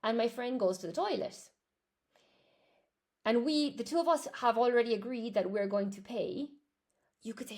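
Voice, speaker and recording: A young woman with an Irish accent teaches English on a live stream, stopping to answer viewers' comments in a chatty way. Her middle-pitched voice has a gravelly, creaky edge. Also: normal speed, long pauses, darkish tone. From Ireland.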